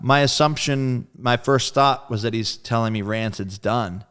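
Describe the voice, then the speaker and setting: Man with a smooth, resonant voice. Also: fairly low pitch, moderate pace, faint music behind. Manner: animated storyteller who acts out quoted friends; loose and profane, full of "like". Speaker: guest drummer. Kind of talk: casual storytelling interview.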